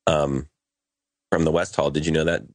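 Man, deep voice, podcast panelist, easygoing, explanatory, dry close mic. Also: flat delivery, moderate pace, no echo. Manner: explanatory, easygoing, thinks aloud. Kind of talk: casual panel chat.

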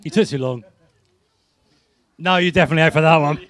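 A high-voiced man runs a lively tech meetup game. He talks in excited bursts, laughs easily, and fires off quick countdowns. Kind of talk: lively game-show style hosting.

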